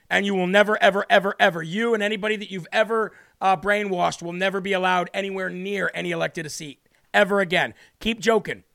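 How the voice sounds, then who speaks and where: Bright, high-voiced male show host. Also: creaky, clear, resonant tone. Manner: loud, emphatic and indignant. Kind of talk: political commentary rant.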